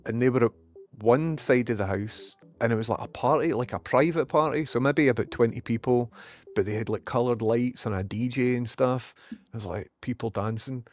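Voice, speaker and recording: A man's voice: mid-range voice, normal speed, faint music behind. A Scottish man hosting a casual live stream, chatting loosely, swearing freely and reading viewer messages aloud. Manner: swears freely, excitable, reads chat aloud. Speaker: livestream host.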